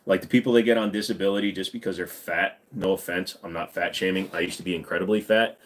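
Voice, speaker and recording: This American livestream host, a man in his forties, sounds worn out as he rambles through viewer comments, bluntly and with plenty of swearing. He speaks fast in a low voice, keeping his intonation fairly even.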